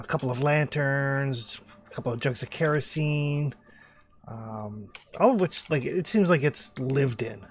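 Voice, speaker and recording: A man runs a tabletop horror game. He narrates loosely and rambles, with plenty of fillers and restarts. His voice sits at an ordinary middle pitch. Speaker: game master.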